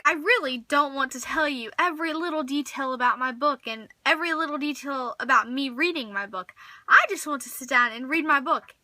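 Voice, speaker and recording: Teen girl vlogger, high bright voice, theatrical exasperation, dry close sound. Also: moderate pace, no room sound. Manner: dramatic, exasperated, acts out little scenes. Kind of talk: comedic vlog monologue.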